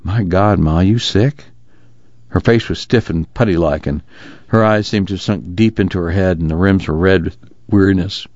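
A man narrating a novel in a steady, measured reading, on a dull lo-fi recording. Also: low voice, dry recording. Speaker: audiobook narrator. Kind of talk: scripted narration.

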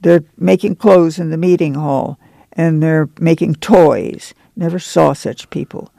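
A man reading the part of a friendly, lean camp manager who talks with easy, chatty warmth. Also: on the high side, steady tone, measured pace, gravelly, no echo.

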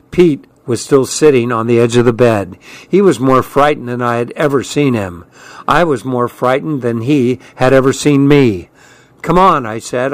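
A male audiobook narrator telling a first-person story in a measured, tense way. His voice is mid-pitched and recorded dry and close on a studio mic. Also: no echo.

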